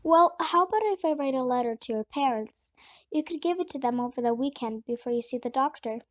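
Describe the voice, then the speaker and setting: A calm, kindly woman doctor, as a female audiobook reader puts her on, soft and reassuring in her measured speech. The voice sits high for a woman, and the recording sounds a little dull and lo-fi. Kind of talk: audiobook character reading.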